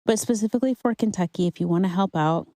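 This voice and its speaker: A podcast host with a medium-pitched, mellow voice talks fast through her personal faith story. She is earnest and conversational, encouraging listeners, and the recording is dry.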